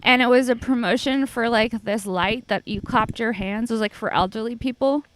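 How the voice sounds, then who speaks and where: A woman's voice: on the high side, moderate pace, a bit bright, low-quality recording. A woman hosting a casual interview who reacts with short disbelieving remarks. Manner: laughs often, short incredulous reactions. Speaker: host.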